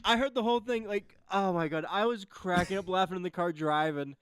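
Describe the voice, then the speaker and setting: A man's voice: high-pitched, a little fast, a bit bright, clean tone, no echo. A man co-hosting a casual sports podcast, laughing and swearing as he retells a story. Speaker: podcast co-host. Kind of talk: casual chat.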